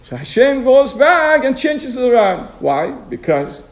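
High-voiced man giving a Torah class. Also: sing-song, unhurried. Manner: chuckling, asks rhetorical questions, acts out quoted excuses. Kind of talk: informal Torah lesson on radio.

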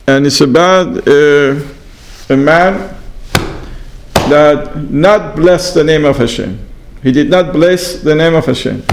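A man teaching a Torah class, halting with fillers and asking his listeners rhetorical questions. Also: fairly high pitch, gravelly, poor audio. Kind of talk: class lesson on scripture.

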